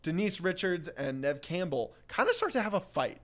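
A man co-hosting a casual movie recap podcast, laughing often and slipping into quick character impressions. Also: sits high, big pitch swings. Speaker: podcast co-host.

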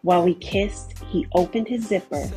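A woman's voice: fairly low pitch, moderate pace, warm tone, faint music behind. A woman giving scripted first-person narration of a story, telling it in a candid, wry way.

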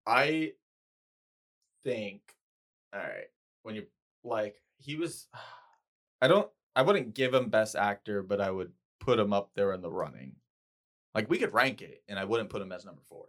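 A man's voice: lowish voice, lively intonation, measured pace, pauses often, a bit bright. Guy, podcast co-host, giggly, acts out movie quotes. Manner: laughs often, acts out quoted lines in funny voices. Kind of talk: casual movie chat.

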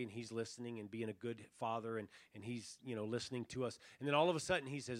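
A man preaching a revival sermon as pastor, earnest, sinking almost to a hush and then swelling on key phrases. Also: mid-range voice, animated, fast talker, hardly any pauses, dry recording. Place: church revival service.

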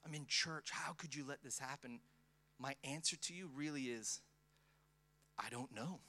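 A man preaching a sermon, moving from quiet storytelling about his loss into impassioned preaching. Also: mid-range voice, moderate pace. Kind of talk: sermon testimony.

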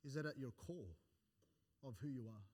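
A pastor with a medium-pitched, slightly mellow voice preaches at normal speed in church. He often restarts phrases and repeats words between points, building them with rising emphasis and quoting scripture in old-fashioned wording.

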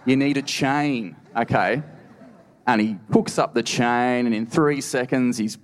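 A man's voice: medium pitch, measured pace. An Australian man telling a true story on stage at a live storytelling event, wry and conversational with lots of "you know". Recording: reverberant live hall.

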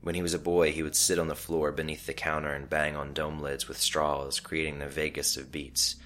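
A man narrating a scripted story in a calm, measured way. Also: very deep voice.

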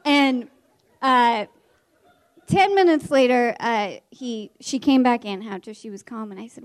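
A woman teacher telling a story from her classroom to an audience, animated and laughing, with many restarts. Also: fairly high pitch, a little slow. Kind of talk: stage storytelling.

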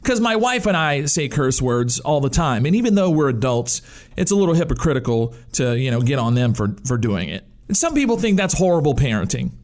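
A man's voice: mid-range voice, big pitch swings, a little fast, a little mellow. A man hosting his own show, delivering a sarcastic, profane comedic rant. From United States. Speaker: podcast host. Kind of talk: ranting comedic monologue.

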